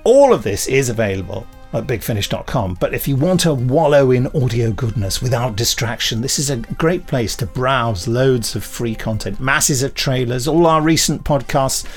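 A man's voice: medium pitch, lively intonation, moderate pace, few pauses, faint music behind. A man co-hosting a podcast, chatting in a playful, giggly way. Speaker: podcast co-host. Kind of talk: casual chat.

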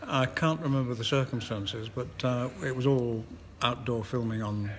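With a medium-pitched, fairly bright tone and fairly even intonation, an older Scottish actor talks at normal speed. It's a casual interview where he tells stories and chuckles at himself, recorded against noisy ambient sound.

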